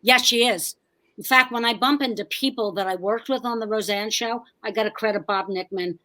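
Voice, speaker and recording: A woman's voice: a little high, pushed and bright, rough recording. A comedian and writer from New Jersey, a woman, telling wry family stories as an interview guest. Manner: wry storyteller, quick jokes. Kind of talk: casual interview chat.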